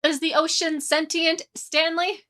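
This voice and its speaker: A woman's voice: extremely high pitch, level tone, a little slow, sharp tone. A woman playing a tabletop game, chatting casually and eagerly, full of questions. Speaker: player. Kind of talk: casual chat.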